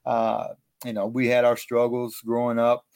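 A middle-aged man telling his life story as a guest in an interview, animated and self-mocking. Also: medium pitch, moderate pace, vocal fry, clean tone, dry recording.

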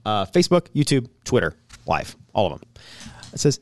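A man co-hosting a casual podcast, ranting and joking in a lively, exasperated way. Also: lowish voice, no room sound. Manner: lively, quick, exasperated rants. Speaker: podcast co-host. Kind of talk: casual chat.

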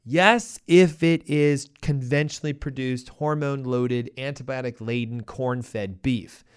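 A middle-aged man hosting a health show, giving emphatic, punchy advice full of rhetorical questions and quick asides. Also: mid-range voice, smooth. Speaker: health podcast host. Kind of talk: energetic health advice talk.

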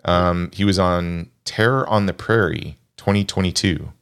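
A man's voice: sits low, unhurried, fairly bright tone, clear, resonant tone. A man hosting a casual film podcast, talking enthusiastically and rambling with fillers.

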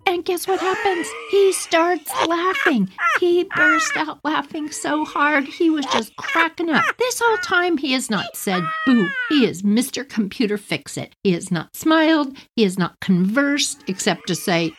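A middle-aged woman hosting a podcast, telling a personal story in an animated voice that keeps breaking into chuckles. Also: sits high, a little slow, few pauses, slight background noise. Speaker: podcast host.

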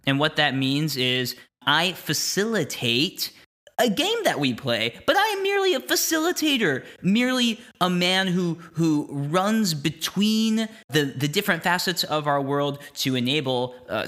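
A man's voice: fairly high pitch, bright, forceful tone. A man hosting a tabletop game podcast as game master, talking in a playful, rambling way. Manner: playful, rambling, laughing often. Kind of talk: podcast host intro.

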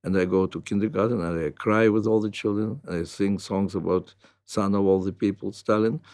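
An older man with a Russian accent, a native Russian speaker, answering interview questions in halting, reflective English. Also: on the low side, fairly even intonation, a little mellow, no echo. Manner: halting, restarts with "uh", non-native grammar. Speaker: guest.

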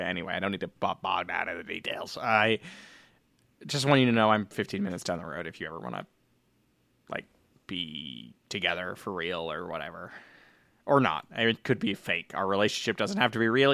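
A man playing a lonely, divorced former executive reading out an awkward, rambling letter in a deadpan way, in an improvised comedy sketch. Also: sits low, gravelly, dry recording, exaggerated voice.

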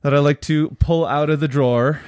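A man co-hosting a casual family podcast, upbeat and laughing often as he gently prompts his kids. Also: fairly high pitch, fairly even intonation, brisk, clean tone, no echo, studio quality. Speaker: podcast co-host and parent.

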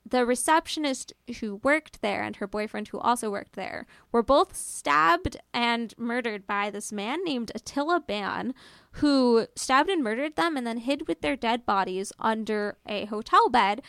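A young woman tells a personal ghost story in a loose, chatty way, full of fillers and casual swearing, acting out her own lines as she goes. Her voice sits a little high with plenty of gravelly fry. The sound is dry and close, with no room echo. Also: lively intonation, unhurried, fairly bright tone.

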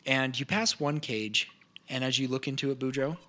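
A man's voice: mid-range voice, normal speed, pushed and bright, slight background noise. A man narrating a tabletop game as game master, casual and descriptive with frequent fillers.

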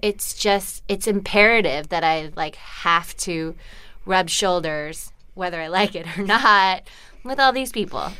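A woman's voice: on the low side, unhurried, sharp tone, smooth, dry recording. A woman with a Southern California accent, whose first language was Korean, chatting as a guest in an interview in a chatty, self-mocking way full of "like.". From United States. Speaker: actress guest. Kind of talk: casual interview chat.

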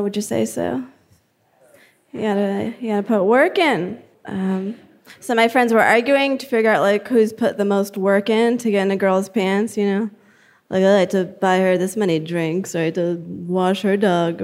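A young woman from New Jersey doing a stand-up comedy set, with a deadpan, halting delivery full of fillers. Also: medium pitch.

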